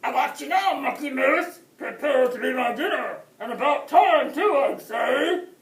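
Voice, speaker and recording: A woman voicing a hot-tempered, dim-witted male wolf who shouts and blusters threats in a read-aloud storybook. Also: a little high, takes it slowly, vocal fry, pitched above the performer's own voice, heavily acted. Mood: furious shouting. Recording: echoey room, distant mic, faint hiss.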